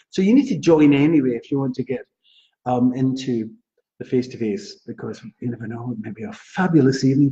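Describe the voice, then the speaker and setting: A Scottish man hosting a live psychic reading stream, chatty and animated, reading out viewers' names. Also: medium pitch. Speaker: psychic astrologer host. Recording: dull lo-fi livestream audio.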